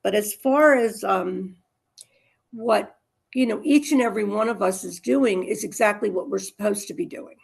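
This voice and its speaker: A woman's voice: mid-range voice, normal speed, vocal fry, breathy edge. A woman sharing earnest spiritual reflections in a casual group.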